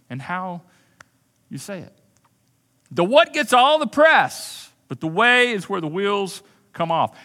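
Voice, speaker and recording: A man preaching to a congregation in a large church, his bright, slightly high voice carrying a long hall reverb. He talks in a conversational, emphatic way, circling back to repeat key phrases. Now and then he drops into quick quoted asides. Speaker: pastor. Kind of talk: sermon.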